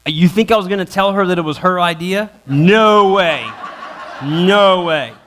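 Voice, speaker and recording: A man's voice: high-pitched, slight background noise. A male pastor in his thirties telling a funny family story in a sermon, self-mocking and acting out his kids and wife. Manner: animated, self-mocking, acts out his family in quick voices. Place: church auditorium.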